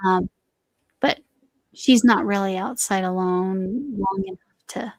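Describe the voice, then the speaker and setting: A middle-aged woman hosts a crochet livestream, chatting casually and rambling in a voice that is slightly going, trailing off and restarting. She speaks slowly at a medium pitch. The audio is dry and of poor quality.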